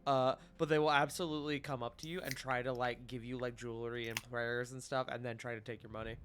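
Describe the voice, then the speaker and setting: A man chatting casually as a player in a tabletop game, telling stories in an animated way with quick asides. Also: mid-range voice, background noise. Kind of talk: casual chat.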